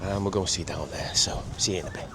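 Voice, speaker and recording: A middle-aged man, chatting casually in a walking vlog on a seaside promenade, halting with many repeats and fillers. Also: low-pitched, steady tone. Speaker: vlogger. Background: faint outdoor ambience with traffic and seagulls.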